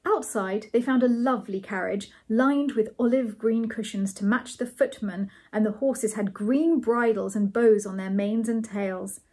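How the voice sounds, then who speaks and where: A woman reads a storybook aloud in a measured, lightly amused way. Her voice is soft and breathy, set a little high. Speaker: reader of a novel. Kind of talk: storybook read-aloud narration.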